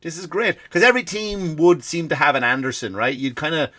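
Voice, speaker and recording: A man's voice: fairly high pitch, lively intonation, a little fast, fairly bright tone, no room sound, clean studio sound. An Irish man in his forties, a comedy podcast host, ranting in a rambling, profane way full of restarts. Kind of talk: comedic rant.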